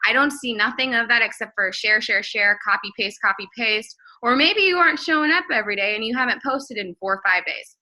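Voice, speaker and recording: A woman's voice: on the high side, fairly quick, hardly any pauses, pushed and bright, poor audio. A young woman giving a blunt, emphatic live training talk to her viewers, repeating phrases for emphasis. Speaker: network marketing trainer.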